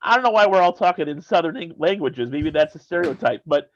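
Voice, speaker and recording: A man's voice: fairly high pitch, lively intonation, a little fast, a little hiss or hum. A man co-hosting an internet radio show, chatting casually and rambling with frequent restarts. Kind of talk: casual chat. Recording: slightly dull dry sound.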